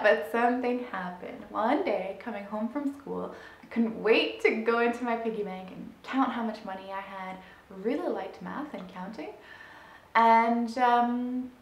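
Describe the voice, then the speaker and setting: A woman in her thirties telling a personal story as a money mindset coach, animated and laughing as she goes, climbing high and loud at the exciting moments. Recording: roomy echo.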